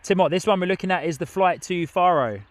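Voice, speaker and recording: A young man with a high-sitting voice talks at a quick pace, casually hosting a live stream from an outdoor airport viewing spot. He reads viewer comments aloud and laughs often, and there's no echo.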